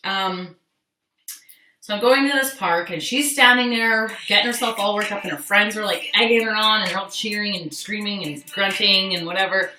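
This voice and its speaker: A young Canadian woman hosts a live stream, candidly and profanely telling a personal story and chatting with viewers. Her medium-pitched voice is fairly even, sharp in tone, at a normal pace, picked up off mic in an echoey room with faint music and slight background noise.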